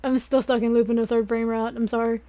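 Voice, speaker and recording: A young woman streamer rambling in a casual late-night chat, breaking into giggles and excited fangirling. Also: a little high, fast talker.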